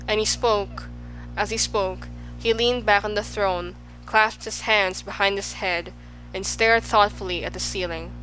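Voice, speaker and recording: A woman's voice: mid-range voice, fairly even intonation, normal speed, sharp tone, faint music behind, low-quality recording. Woman narrating an audiobook. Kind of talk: storybook narration.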